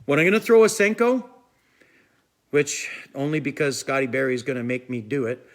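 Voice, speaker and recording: A man's voice: medium pitch, brisk. A man hosting a fishing live stream, chatting casually and rambling as he answers viewers' questions. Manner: rambling, chatty, repeats "I'm telling you".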